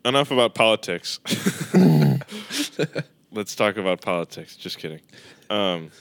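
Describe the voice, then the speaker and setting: A male podcast co-host talks in an easygoing, joking way. His voice is low, smooth and clear. The recording is dry and close. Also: fairly quick, fairly bright tone, no room sound. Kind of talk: casual chat.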